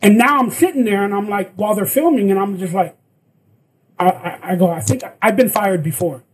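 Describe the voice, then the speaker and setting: A man's voice: high-pitched, a little fast, husky, poor audio. A man telling a story in casual chat, acting out the lines of the people in it. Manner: animated, acts out quoted lines. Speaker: guest actor.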